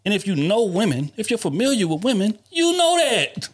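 Male podcast host, slightly high pitch, emphatic and profane, casual panel talk. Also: sing-song, a little fast, slightly rough. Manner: emphatic, profane, talks over others.

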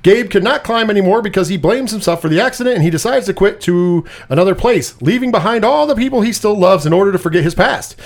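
A man hosting a relaxed movie review podcast, his voice sitting high and swooping up and down with lively energy. He rambles and chats along, laughing at his own jokes as he reads and rolls on. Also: quick pace, hardly any pauses. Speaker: podcast co-host. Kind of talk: casual movie review chat.

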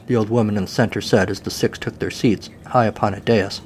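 A man's voice: lowish voice, fairly even intonation, fast, hardly any pauses, darkish tone, slight background noise. A man narrating a comic story in a dry, wry way.

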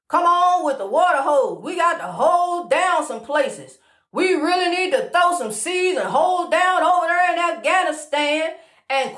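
High-voiced woman preaching in an echoey room. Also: fairly bright tone. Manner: sing-song, calls listener "honey", repeats rhyming phrases. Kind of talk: preachy motivational monologue.

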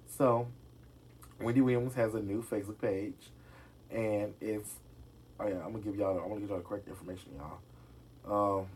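A man's voice: on the low side, steady tone, moderate pace, pauses often, darkish tone, a little hiss or hum. A man chatting casually to his viewers about celebrity gossip, sassy and direct, often calling them "y'all". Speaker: gossip vlogger.

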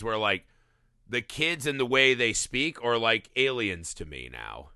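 A man hosting a podcast in casual chat, lively and swearing freely, laughing often. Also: medium pitch, normal speed, no echo, clean studio sound. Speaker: podcast host.

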